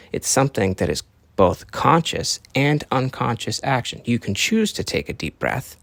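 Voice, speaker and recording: A man's voice: on the low side, creaky, dry recording. A young man hosting his own podcast, talking in a casual, profane, rambling monologue with earnest lecturing. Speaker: podcast host.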